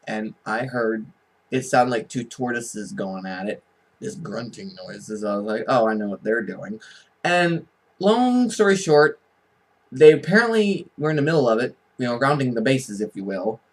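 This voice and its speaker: A man telling casual, rambling stories straight to the camera. He talks in a chatty, offhand way and laughs at his own punchlines. His voice sits at an ordinary middle pitch. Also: rough recording. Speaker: vlogger. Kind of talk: casual storytelling.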